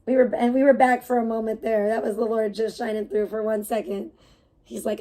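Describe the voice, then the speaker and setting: Woman streamer ranting, swearing, higher voice. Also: level tone, fairly quick, mellow. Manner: profane, heated ranting; rambling with frequent restarts. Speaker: live streamer. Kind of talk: casual livestream rant.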